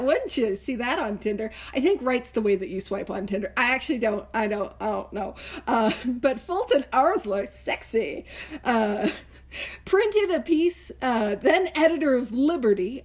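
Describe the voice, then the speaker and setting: A woman's voice: on the high side, a little mellow. A woman hosting a podcast book study, reading passages aloud and chatting with playful, joking asides. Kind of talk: casual chat reading and commenting on a text.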